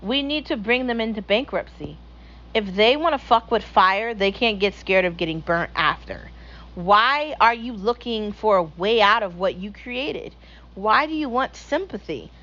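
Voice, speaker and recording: A woman's voice: medium pitch, expressive, measured pace, a bit bright, highs cut off. A young woman hosting her own show, ranting bluntly and profanely in a casual opinion monologue. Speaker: podcast host.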